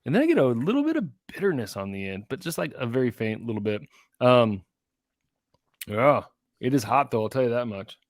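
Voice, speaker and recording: A man's voice: mid-range voice, big pitch swings, dry recording. Joking man on a dry close mic. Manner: joking, self-deprecating, halting restarts. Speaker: podcast co-host. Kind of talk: casual whiskey tasting chat.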